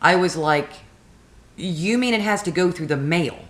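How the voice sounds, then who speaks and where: A woman's voice: lowish voice, unhurried, reverberant. A woman telling a story about a phone call to the camera, acting out both sides and getting more and more worked up, laughing now and then. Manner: animated retelling with quoted dialogue and rising frustration; laughs between phrases. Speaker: video blogger. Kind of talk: casual storytelling.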